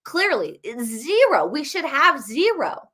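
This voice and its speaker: Woman, thirties, solo commentary host, emphatic, chatty with restarts, somewhat high voice. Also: very animated, measured pace, pushed and bright. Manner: conversational, frequent restarts and fillers, emphatic.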